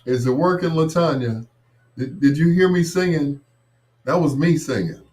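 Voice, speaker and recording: A man hosting a late-night live stream. He talks in a slow, smooth, crooning romantic way, calls listeners baby, and greets viewers by name in a joking tone. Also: fairly high pitch, a little mellow.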